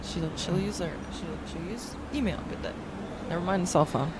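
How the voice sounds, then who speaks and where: A woman's voice: on the low side, moderate pace, a little mellow. A middle-aged woman co-hosting a casual chat, talking freely and laughing often. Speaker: co-host.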